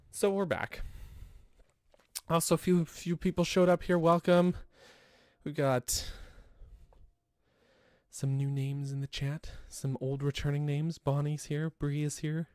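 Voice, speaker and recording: A man's voice: on the high side, a little slow, long pauses, darkish tone, dry recording, studio quality. A man chatting casually on a game live stream, joking and reading the chat aloud. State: a little out of breath.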